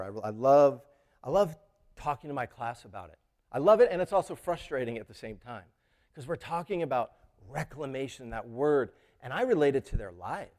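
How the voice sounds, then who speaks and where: A man's voice: medium pitch, a little mellow. A man who teaches school, talking earnestly about a story's theme, often repeating words and restarting sentences. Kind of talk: reflective talk on a story's theme.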